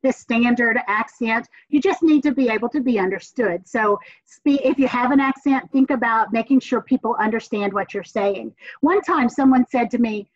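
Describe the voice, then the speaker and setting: Southern American woman, professor type, bright-leaning higher voice, energetic and encouraging; dull, dry lo-fi sound. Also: normal speed, no echo. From Southern United States. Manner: energetic, encouraging, emphatic repetition. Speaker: communications professor. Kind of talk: classroom lecture.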